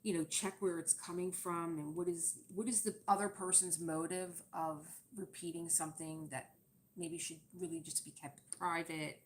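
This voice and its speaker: A woman's voice: fairly low pitch, fairly even intonation, moderate pace, slight background noise. A woman chatting casually and at length as she works on a craft project during her livestream, rambling and laughing often. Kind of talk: casual chat while crafting.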